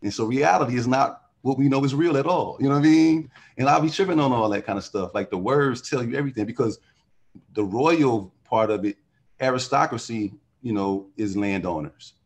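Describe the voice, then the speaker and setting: A man's voice: mid-range voice, brisk, slightly rough. A man talking as a podcast guest in casual conversation, riffing animatedly and philosophically on word origins.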